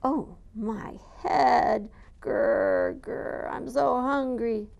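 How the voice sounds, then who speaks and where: A woman's voice: fairly high pitch, wildly swooping pitch, very slow, gravelly, darkish tone, dull audio, exaggerated voice. A woman voicing a hungry male ogre who growls and chants about gobbling up children. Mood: grumbling.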